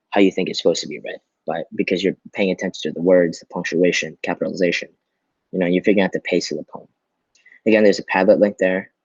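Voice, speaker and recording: A man's voice: sits low, a little mellow, slightly rough, no room sound, lo-fi sound. A male teacher giving a recorded online lesson, explaining patiently and often checking in with "right?".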